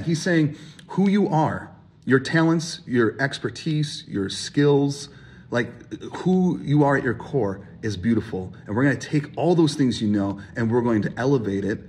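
A man preaching a sermon, animated and emphatic, acting out the voices of people in his stories. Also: medium pitch, slight background noise. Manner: animated, acts out voices in quotes, rising emphasis. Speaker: pastor.

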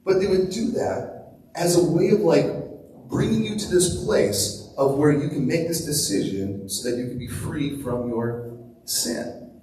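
A man preaching in a loose, chatty way, with a slightly higher-than-usual voice. He leans on fillers and keeps asking "right?". The sound is a strongly echoing church hall picked up from a distance, with a faint hiss underneath. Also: sing-song, a little slow, mellow. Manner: casual, chatty, filler-heavy with frequent "like" and "right?". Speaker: pastor. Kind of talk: casual conversational sermon. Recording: echoey hall from far off, faint noise.

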